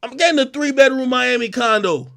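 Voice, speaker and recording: A man from Jamaica hosting his own show, delivering a profane, aggressive, confrontational rant and often breaking into shouts. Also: very high voice, a little fast, vocal fry. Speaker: host. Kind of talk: ranting livestream commentary.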